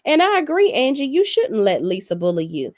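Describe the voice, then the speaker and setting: A woman's voice: sits high, wildly swooping pitch, brisk, darkish tone, dry recording, studio quality. A woman in her forties recapping reality TV in a sassy, profane, blunt way. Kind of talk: casual recap commentary.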